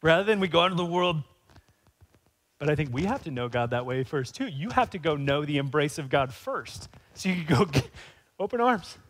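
A man preaching a sermon as pastor, speaking conversationally and rising to animated emphasis. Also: fairly high pitch, a little fast.

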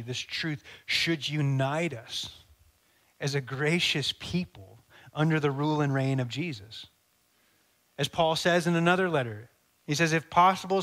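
A male pastor preaching a sermon, animated and conversational, acting out little scenes. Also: fairly high pitch. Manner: animated, acts out dialogue, conversational asides.

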